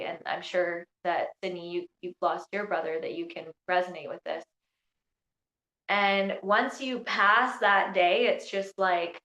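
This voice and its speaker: A woman coaching a live online workshop, bubbly and excitable, with words tumbling out around constant "like"s. Her phone picks her up in a roomy, echoey space, and the sound is a little dull and muffled. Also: medium pitch. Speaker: coach leading an online training. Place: indoors in Scotland during a storm.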